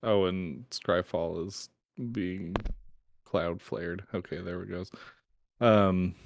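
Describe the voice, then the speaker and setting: A man's voice: sits low, steady tone, slow pace, vocal fry, slight background noise. A young adult man co-hosting a podcast in casual chat, easygoing and joking, often laughing. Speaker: podcast co-host.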